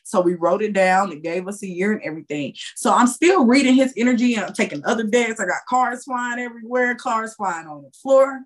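A woman guest on a podcast, a tarot reader telling a story in a lively, chatty way with loose, slangy phrasing. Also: on the high side, a little fast, few pauses. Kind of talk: casual storytelling.

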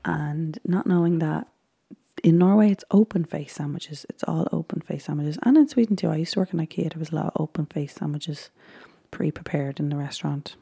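Low, husky Irish woman chatting softly. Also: no echo, studio quality. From Ireland. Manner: chatty and rambling, drifting into soft whispers. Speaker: recapper commentating a baking show. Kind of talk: casual chat, often whispered.

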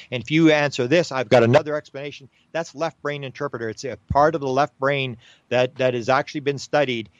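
A man guest in an interview, talking in a casual, animated way with frequent fillers and restarts. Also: mid-range voice, no echo, highs cut off. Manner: animated, repeats himself, many fillers and restarts. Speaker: podcast guest.

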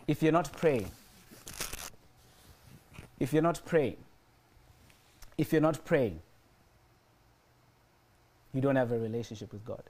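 Man, preacher, sermon, repeats phrases for emphasis, mid-pitched voice. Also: darkish tone. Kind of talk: sermon with a personal testimony.

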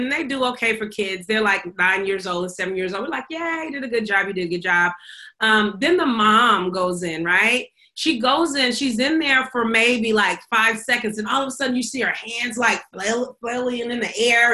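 A woman's voice: a little high, sharp tone. A woman co-hosting a podcast, telling a story in casual chat, acting out quotes and laughing often. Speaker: podcast co-host.

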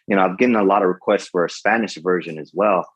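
A man's voice: sits low, fast, breathy edge, no echo. A retired Navy chief in his forties, a podcast guest, talking earnestly and encouragingly with plenty of fillers and restarts. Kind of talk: casual interview talk. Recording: dull, muffled podcast audio.

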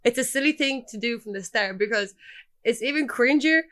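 Woman podcast co-host, chatty filler-heavy delivery, bright, tense voice. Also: fairly high pitch, a little fast. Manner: chatty, many likes and do you know what I mean. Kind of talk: casual chat.

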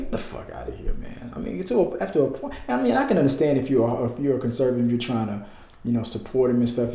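A man delivers a casual political rant in a gravelly, dark voice. He is heated and emphatic, circling back over his points with many restarts, and the room around him rings with echo. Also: medium pitch. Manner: heated, emphatic, repeats himself, restarts often.

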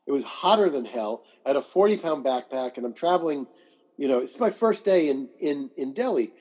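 A man being interviewed as a guest astrologer and author, telling animated anecdotes and acting out the quotes. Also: medium pitch, a little fast, husky. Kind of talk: conversational storytelling.

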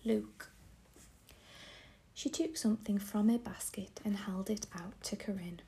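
A woman's voice: mid-range voice, normal speed, warm tone, slight background noise. Woman whispering a bedtime story.

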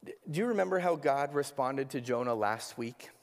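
A man's voice: medium pitch, animated, moderate pace. A male pastor preaching a sermon, earnest and probing, asking his listeners rhetorical questions. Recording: hall with long reverb.

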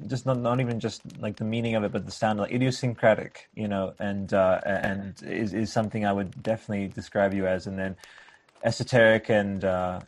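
A man's voice: lowish voice, fairly even intonation, brisk. A man hosting a podcast, talking casually and musing in metaphors with many fillers. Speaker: podcast host. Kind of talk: casual conversation.

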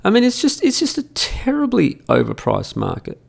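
A man's voice: very high-pitched, huge pitch swings, moderate pace, gravelly. A middle-aged Australian man hosting a solo podcast, ranting profanely in a mocking, emphatic way into a studio microphone. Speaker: podcast host.

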